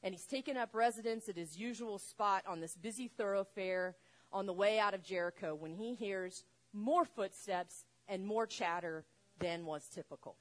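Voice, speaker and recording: A woman preaching a sermon, retelling a story with lively acted-out voices. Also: medium pitch, normal speed. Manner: animated, acts out voices in the story. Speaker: pastor.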